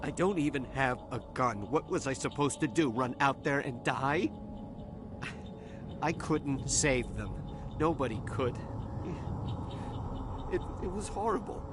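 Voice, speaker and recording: An actor playing a shaken, nervous dock worker in a video game, stammering and defensive, with game audio and steady background noise. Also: male voice, medium pitch, unhurried, close to an everyday voice.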